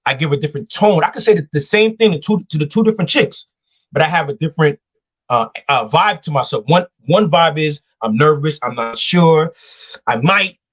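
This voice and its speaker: A man's voice: a little high, expressive, a little fast, fairly bright tone. A man hosting a live talk show, giving casual dating advice and acting out quoted voices as he tells stories. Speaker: show host.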